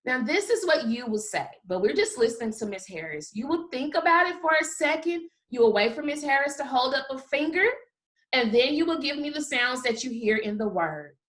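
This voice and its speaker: A woman's voice: high-pitched, expressive, fairly bright tone. A woman kindergarten teacher giving a recorded phonics lesson, stretching out sounds one at a time and praising the children often. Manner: slow, exaggerated sound-by-sound modeling with upbeat praise.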